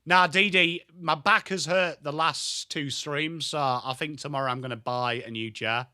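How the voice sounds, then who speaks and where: Excitable sweary Englishman calling footy. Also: a little high, moderate pace, clean tone, no room sound, studio quality. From England. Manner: excitable, sweary, rattles off player names. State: tired from little sleep. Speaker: host of a live football watchalong. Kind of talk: live commentary and chat stream.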